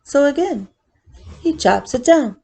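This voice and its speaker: Slow, gravelly-voiced woman vlogger. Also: sits high, expressive, dark tone. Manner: rambling, chatty storyteller with fillers. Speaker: cross-stitch vlogger. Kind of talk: casual vlog chat.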